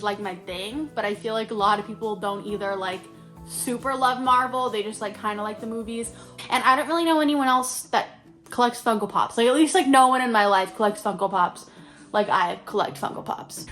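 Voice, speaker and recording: Bright-voiced giggly young woman vlogging. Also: a little high. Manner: chatty, giggly, lots of "like". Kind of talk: casual chat to camera. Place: at home. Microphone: handheld camera.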